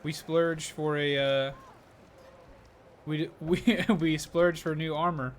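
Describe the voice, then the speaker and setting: A man's voice: a little high, steady tone, slow, long pauses. A man streaming a game live, chatting casually and upbeat, often thanking viewers. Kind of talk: casual live gaming commentary.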